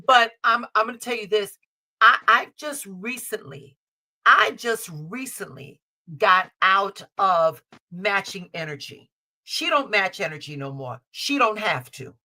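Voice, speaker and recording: A middle-aged woman from Chicago leads a live-stream advice reading, her voice bright and forceful. She repeats her key lines for weight. She calls people baby and honey, and she swears without a second thought. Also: mid-range voice, lively intonation, a little slow. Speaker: tarot reader and show host. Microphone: streaming call setup.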